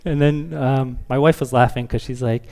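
A man's voice: mid-range voice, fairly even intonation, moderate pace, vocal fry, a little mellow. A man in his thirties, a pastor preaching a sermon, talking candidly and self-deprecatingly, with playful acted quotes.

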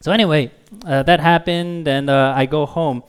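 A man's voice: on the high side, steady tone, moderate pace, clear, resonant tone. A man in his thirties, a pastor giving a sermon in an easygoing storytelling way, with fillers and chuckles. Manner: casual storytelling with fillers and laughs.

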